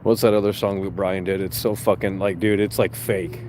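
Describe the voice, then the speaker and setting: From inside a car, a young man hosts a casual livestream, responding to viewer comments with rambling sarcasm and plenty of swearing. His low voice is a little mellow and fairly even, at a moderate pace, with a slight hiss or hum.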